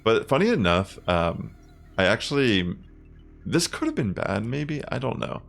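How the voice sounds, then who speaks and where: A young man casually commenting on his own online game matches, chatty and relaxed, thinking aloud with fillers. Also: mid-range voice, unhurried, vocal fry, faint music behind. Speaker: gaming content creator.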